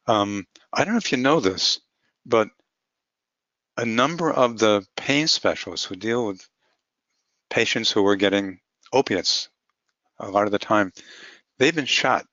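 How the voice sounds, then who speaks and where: A man's voice: on the low side, a little slow, long pauses, pushed and bright, no echo. A man presenting a webinar lecture as a physician, talking plainly through clinical cases step by step. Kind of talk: webinar lecture on cannabis medicine. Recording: muffled lo-fi webinar audio.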